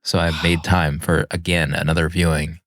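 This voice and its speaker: A man's voice: low voice, level tone, normal speed, fairly bright tone, no room sound, clean studio sound. A man hosting a podcast, talking casually about a film and wrapping up the episode. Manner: chatty, laughs often, wraps up the show. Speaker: podcast host.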